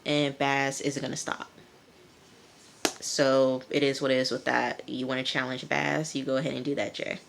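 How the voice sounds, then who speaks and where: A woman's voice: rumbling low, flat delivery, moderate pace, creaky, background noise. A woman casually recapping a TV episode, chatty with many fillers, talking straight to her viewers. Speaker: TV episode reviewer.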